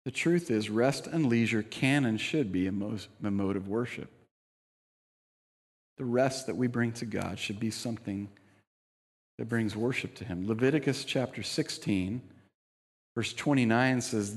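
A middle-aged man preaching and telling a personal story in a relaxed, conversational way. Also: medium pitch, unhurried, pauses often, long reverb tail. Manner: conversational storytelling, animated quoted voices. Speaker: pastor.

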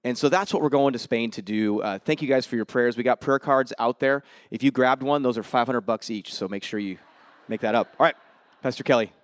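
A man, a visiting missionary, telling a story to a church congregation in a quick, lively way and acting out the dialogue. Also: medium pitch, dry recording, studio quality. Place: church service.

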